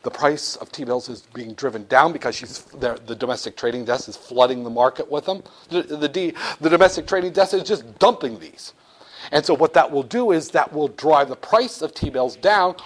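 A male economics instructor lecturing in an animated, blunt way, with jokey asides. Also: mid-range voice, normal speed. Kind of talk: lecture with acted-out role-play.

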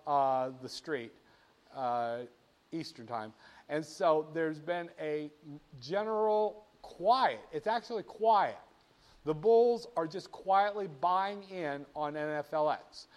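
A man teaching about stock charts in an animated, playful way, often asking the viewer rhetorical questions. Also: on the high side. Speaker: finance instructor. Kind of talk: screen-share lesson on market charts.

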